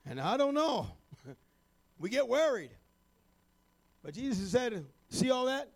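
A man preaching a sermon, building to shouted, rhythmic refrains and sprinkling his lines with "amen" and "uh". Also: extremely high pitch, big pitch swings, slow.

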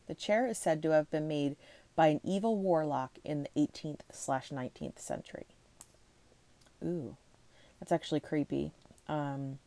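Chatty woman with a low, mellow voice. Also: no room sound. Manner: chatty, reads fast, stumbles and laughs at herself. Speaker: ghost-story video host. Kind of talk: casual reading of ghost stories with asides.

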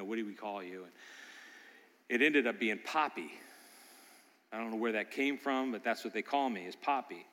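Older male pastor preaching in a hall. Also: fairly low pitch. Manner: storytelling, builds to loud animated bursts. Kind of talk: sermon. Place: church sanctuary. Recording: long church hall reverb.

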